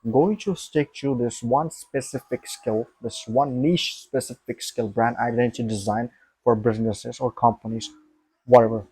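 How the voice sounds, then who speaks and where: A man's voice: mid-range voice, fairly even intonation, normal speed, warm tone, husky, no echo. A young man vlogging to his camera, thinking aloud in an emphatic, rambling way, repeating himself and swearing.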